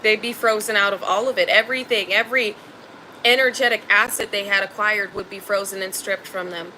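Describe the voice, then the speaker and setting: Emphatic, bright-voiced woman tarot reader. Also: medium pitch, steady tone, a little fast, slight background noise, low-quality recording. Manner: emphatic, blunt and slangy, swears freely. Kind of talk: spiritual tarot reading.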